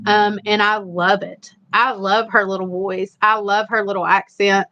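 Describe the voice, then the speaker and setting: A woman's voice: mid-range voice, little pitch movement, measured pace, bright, forceful tone, muffled recording, a little hiss or hum. A woman with a strong Eastern Kentucky Appalachian accent, chatting casually and at length to viewers as a livestream host. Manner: rambling, repetitive, chatty. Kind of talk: casual live chat.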